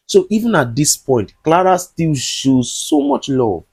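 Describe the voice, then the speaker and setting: A male movie reviewer recaps scenes and talks straight at the characters with indignation. His voice is a little husky and fairly high, and it rises and falls with lively swings. The recording is dry and close. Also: unhurried, hardly any pauses, dry recording. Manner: indignant, scolding the characters directly. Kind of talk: recap and commentary on a film.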